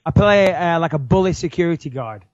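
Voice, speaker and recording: High-voiced British man telling a story. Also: animated, a little fast, dry recording, dull audio. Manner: laughing, rambling storyteller; argumentative. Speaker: podcast co-host. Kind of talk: casual podcast chat.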